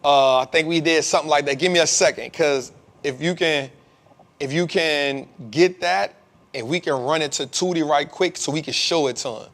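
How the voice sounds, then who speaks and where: Male host, slightly high voice, loose slangy live-stream Q&A delivery, lots of ums. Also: moderate pace, fairly bright tone. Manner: laid-back slangy talk, many fillers. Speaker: host of a live investing show.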